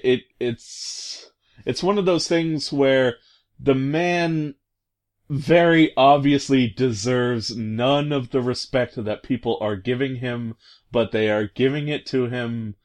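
This man, a commentator, retells a video game scene casually, his mid-range voice moving slowly with lively intonation. He rambles and hesitates, packing in fillers and amused asides.

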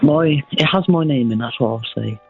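A man's voice: medium pitch, normal speed, gravelly, husky, no room sound, soft background music. A man calling in to a radio show, playing mock-disappointed and a bit sheepish. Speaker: caller. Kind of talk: phone-in chat. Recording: tinny phone line.

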